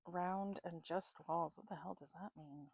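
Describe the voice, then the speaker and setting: A woman's voice: fairly low pitch, measured pace, gravelly, husky, no echo. A North American woman doing a casual tarot and spirit box reading, musing aloud and often checking in with "okay?". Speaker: tarot reader.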